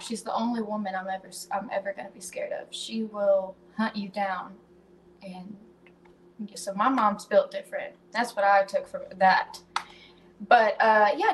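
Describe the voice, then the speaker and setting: A woman's voice: medium pitch, slight background noise. A woman hosting a podcast in casual chat, talkative, swearing freely and poking fun at herself. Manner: chatty, swears freely, self-mocking. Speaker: podcast host.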